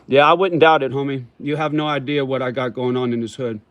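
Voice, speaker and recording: Chewing tobacco on a relaxed livestream, the host replies to viewers' comments in crude slang, addressing them as "brother" and "homie." He talks briskly in a mid-range voice with fairly even intonation, and there's no echo.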